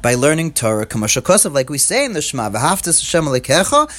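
A man's voice: fairly high pitch, very animated, fast talker, a bit bright. A man. He reads short Hebrew passages, then explains each one in English and presses the point with repeated words and questions to the room. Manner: switches between quoted Hebrew and English explanation, rising emphatic repeats. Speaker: Torah teacher. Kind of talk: Torah class explaining texts.

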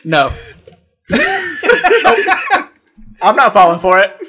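A man's voice: very high voice, drawn-out words, noisy background. A man co-hosting a casual comedy podcast, playful and teasing. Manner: playful, lively, mocks with put-on voices.

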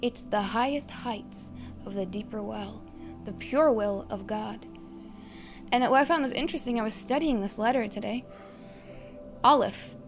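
A woman preaching a reflective sermon, teaching through questions and lists and dropping to a hushed tone at key phrases. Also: a little high, normal speed, long pauses, over music.

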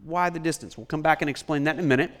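A male pastor preaching a sermon, swinging from loud emphatic lines to soft quiet ones and dropping in joking asides. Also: on the high side, very fast.

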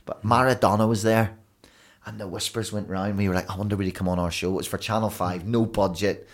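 A Northern Irish man, a broadcaster guest, telling anecdotes in a lively podcast conversation with quick asides. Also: lowish voice. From Northern Ireland.

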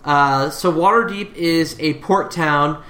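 A woman running a tabletop game for a podcast, explaining the setting in a relaxed, rambling way with many hesitations. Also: low voice, slow pace, echoey room. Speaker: game master.

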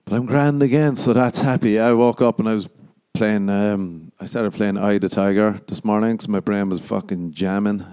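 An Irish man hosting his own podcast, rambling through profane, meandering stories with the odd quick mock voice. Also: on the low side, fairly even intonation, dark tone, clean tone. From Ireland. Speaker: podcast host and stand-up comedian. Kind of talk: casual rambling solo podcast monologue.

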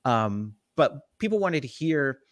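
An unhurried man with a mid-range voice and a New Jersey accent, from the Jersey Shore, USA, walks through technology as a tech company guest in a casual interview. He's animated and keeps checking in with "right?". The sound is clean and studio-like, with no room sound.

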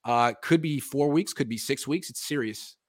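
A man's voice: medium pitch, moderate pace. A man hosting a casual sports podcast, animatedly breaking down football film and chatting with his father. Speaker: podcast host.

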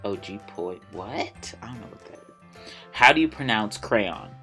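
A man's voice: on the low side, lively intonation, measured pace, sharp tone, faint music behind. A man from Maryland hosting his podcast, chatting casually and self-amused as he drifts off on tangents. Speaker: podcast host. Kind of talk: casual solo podcast chat.

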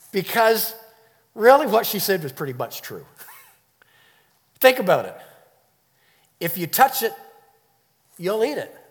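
A man's voice: sits high, sing-song, takes it slowly, long pauses, in a large hall. A man preaching a sermon. He speaks emphatically, repeats his key phrases and chuckles now and then.

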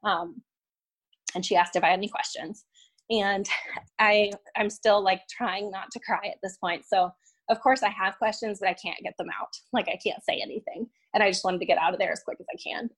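This is a young woman in her everyday speaking voice, pitched at a middle height. She tells a personal story as a guest, casual and unpolished. She hesitates often and restarts her sentences. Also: fairly even intonation. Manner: halting, full of "um" and "like", restarts. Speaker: podcast guest; violin teacher.

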